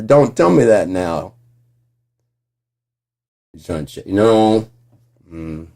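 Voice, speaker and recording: A man ranting at home in a vlog, swearing constantly and yelling in bursts. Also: on the low side, sing-song, moderate pace. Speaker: vlogger. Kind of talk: profane political rant.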